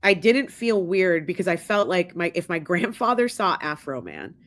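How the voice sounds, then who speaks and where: A podcast co-host with a low voice tells stories at a normal speed in casual chat. She's an animated storyteller who acts out the quotes.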